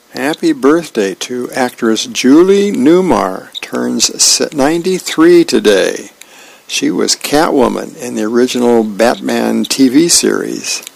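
A man reading a newspaper aloud as a volunteer reader, friendly and unhurried, with small slips he corrects. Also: medium pitch, gravelly, poor audio.

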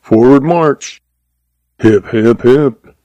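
A man's voice: medium pitch, expressive, measured pace, vocal fry, warm tone, no room sound, dull audio. A man doing a drawling, taunting cowboy. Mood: commanding. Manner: drawling, mocking. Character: drawling cocky cowboy puncher, taunting and quick.

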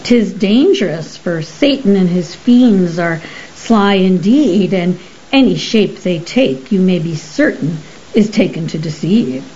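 A woman's voice: fairly low pitch, animated, takes it slowly, mellow, lo-fi sound. A woman reading as a stern old-time conjurer. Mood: severe. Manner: archaic, severe, lecturing. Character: stern Elizabethan male conjurer, pompous and superstitious.

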